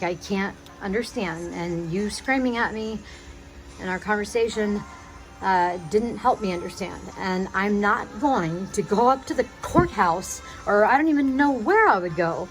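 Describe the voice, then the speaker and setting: Pleading woman, halting and agitated. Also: a little high, rough recording. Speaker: vlogger addressing her father. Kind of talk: emotional personal video message.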